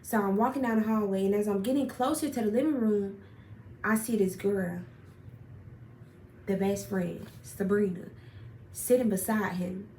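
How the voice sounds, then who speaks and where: A young woman telling a personal story in a casual, animated, profane way, getting worked up as she retells it. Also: mid-range voice, normal speed, long pauses. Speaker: storyteller vlogger. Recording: roomy echo, far from mic, faint noise.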